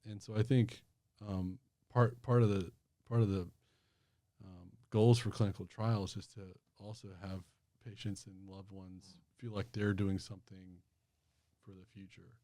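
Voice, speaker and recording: A man in a podcast interview, a medical officer explaining thoughtfully, his phrases often trailing off softly. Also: lowish voice, little pitch movement, a little slow, no echo, studio quality.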